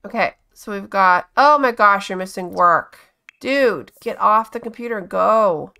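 A woman giving casual let's-play commentary, chatty and bossing her game characters around with quick exclamations. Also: medium pitch, gravelly, bright, forceful tone. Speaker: gaming channel host.

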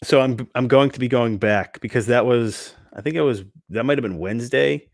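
A man's voice: mid-range voice, normal speed, vocal fry, no room sound, studio quality. A man co-hosting a toy podcast, telling stories in a rambling, hesitant casual chat.

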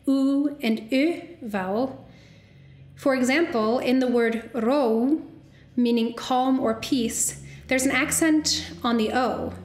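A woman's voice: fairly high pitch, roomy sound. A young woman, a soprano, giving an academic lecture and carefully spelling out sounds as she explains.

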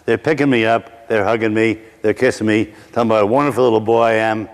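A middle-aged man from Brooklyn preaches through a personal story in a somewhat low voice. He slows for dramatic pauses and drops in wry asides. His words carry a long reverb from a large hall. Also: steady tone. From Brooklyn, New York. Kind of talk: sermon storytelling.

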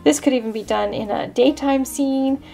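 Chatty woman with a higher voice. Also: normal speed, creaky, warm tone. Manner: chatty, explains step by step. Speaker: card-making host. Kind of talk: casual craft tutorial.

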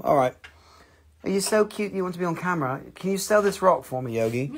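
A man's voice: high voice, lively intonation, fairly quick. A man selling minerals on a casual live stream, joking, swearing and rambling as he talks. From Appalachian Valley, United States.

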